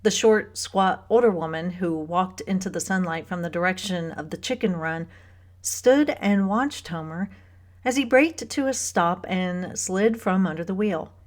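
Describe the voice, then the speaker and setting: With a fairly low-pitched voice, a female audiobook narrator reads a novel aloud from a script, her storytelling measured and even.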